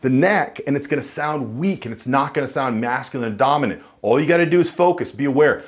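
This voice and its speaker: Animated man coaching on vocal tone. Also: fast, hardly any pauses. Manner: emphatic, drops into a low chest voice to demonstrate. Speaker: dating and voice coach. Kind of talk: instructional talk to camera.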